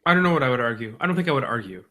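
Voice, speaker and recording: Bright-voiced man, dry quips. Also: medium pitch, animated, very fast. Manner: dry, short quips and agreeing replies. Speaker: podcast co-host. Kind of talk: casual chat.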